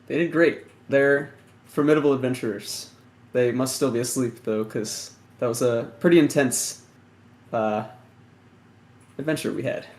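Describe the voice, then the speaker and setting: A man's voice: medium pitch, unhurried, long pauses, darkish tone. Male tabletop player, easygoing in-character talk, echoey room.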